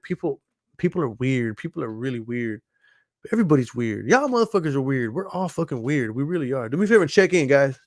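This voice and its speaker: In a dry, studio-quality recording, a podcast host with a medium-pitched voice chats casually. He rambles, curses heavily, and keeps checking whether you follow him with "you know what I'm saying."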